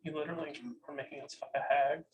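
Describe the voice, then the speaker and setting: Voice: mid-range voice, flat delivery, fast talker, echoey room, narrow, tinny audio, a crowd in the background. A tabletop game player making blunt, joking asides. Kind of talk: casual tabletop game chat. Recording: distant with loud noise.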